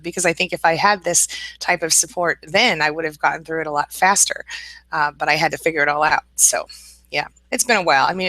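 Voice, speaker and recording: Hosting a casual live stream, a Midwestern American woman with a low voice reads viewer comments aloud and answers them warmly and reassuringly. She's chatty, using fillers and repeating herself, and the audio is poor, though there's no echo.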